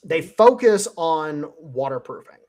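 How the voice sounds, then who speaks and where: This host, from the Cleveland area of the USA, has a slightly high, animated voice with a darkish tone and a measured pace. Speaking into a headset during a casual panel chat, he rambles through stories, swearing and laughing frequently.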